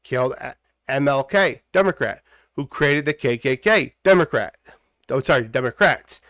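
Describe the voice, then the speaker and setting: A man's voice: mid-range voice, animated, moderate pace, fairly bright tone, no echo. Heated man hosting a commentary podcast. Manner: heated, preachy, repeats phrases for emphasis. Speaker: podcast host.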